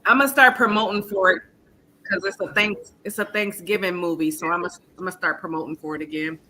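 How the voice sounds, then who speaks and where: A woman's voice: lowish voice, fairly even intonation, a little fast, a crowd in the background, low-quality recording. A woman comedian chatting casually on a group video call, slangy and laid-back, trailing off with fillers.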